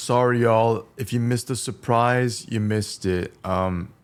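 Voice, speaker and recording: With a clear, resonant voice of medium pitch, a young man chats slowly and fairly evenly while streaming his cooking. He swears bluntly and hums or sings little tunes between his stories.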